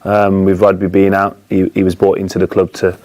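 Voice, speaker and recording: Deep-voiced male football pundit. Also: fairly quick. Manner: relaxed, anecdotal, frequent fillers. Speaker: studio pundit. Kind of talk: casual studio chat.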